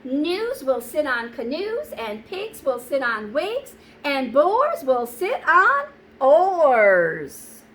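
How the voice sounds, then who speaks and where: Woman reading as a loud bossy storybook frog. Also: sits high, huge pitch swings, slight background noise, heavily acted. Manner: loud, slow, emphatic rhyming lines. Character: bossy frog changing the rules, male.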